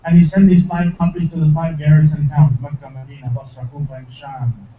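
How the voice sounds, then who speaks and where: Brief: male preacher, higher voice, teaches and quizzes the crowd, far-off phone-like hall recording. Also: brisk. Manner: lively, asks the audience questions. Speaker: shaykh giving a lecture. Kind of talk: mosque lecture to a congregation. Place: mosque hall. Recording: distant, echoey, phone-like hall recording with faint noise.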